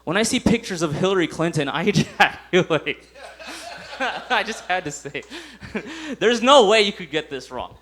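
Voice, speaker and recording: A man's voice: high-pitched, very animated, normal speed, fairly bright tone. A young man performing a stand-up comedy set, laughing at his own jokes and acting out voices. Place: comedy club stage.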